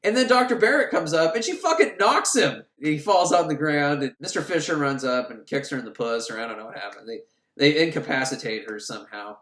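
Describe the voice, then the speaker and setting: A man's voice: a little high, brisk. Guy doing a snarky movie recap, voice jumps all over, echoey room. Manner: sarcastic, rambling, animated. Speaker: host recapping a film. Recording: roomy echo.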